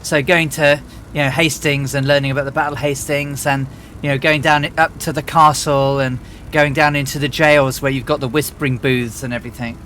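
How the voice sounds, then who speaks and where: A man's voice: medium pitch, flat delivery, a little fast, fairly bright tone, slight background noise. A man from England, chatting casually as a livestream host, rambling with lots of fillers and restarts. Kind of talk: casual chat.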